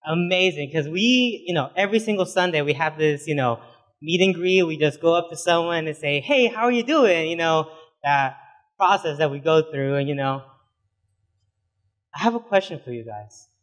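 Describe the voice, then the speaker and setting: A young adult man preaching a sermon as a pastor, conversational and informal, often filling pauses with "you know". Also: on the high side, a bit bright.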